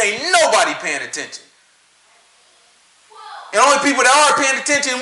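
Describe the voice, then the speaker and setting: A man's voice: sits high, sharp tone, roomy sound, low-quality recording. A man with a Southern American accent, talking in a casual rant full of preachy rhetorical questions and laughing at his own points. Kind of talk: casual ranting monologue.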